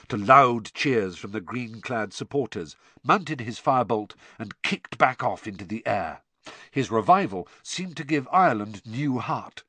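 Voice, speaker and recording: Expressive male narrator, bright and animated, close and dry. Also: lowish voice, breathy edge, dry recording. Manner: lively, dramatic storytelling. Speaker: audiobook narrator.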